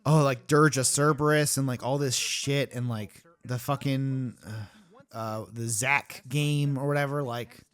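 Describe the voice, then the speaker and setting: A YouTube host delivers casual behind-the-scenes commentary, ranting and rambling with plenty of swearing and filler words. His medium-pitched voice is fairly bright and clean, with fairly even intonation and a measured pace.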